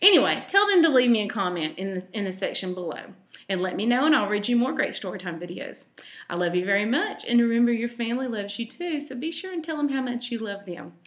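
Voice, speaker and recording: A woman reading a picture book aloud to children, with animated, sing-song delivery and direct questions to her young listeners. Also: on the high side, fast talker. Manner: animated, gasping, sing-song, talks straight to kids. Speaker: storyteller host. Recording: roomy echo.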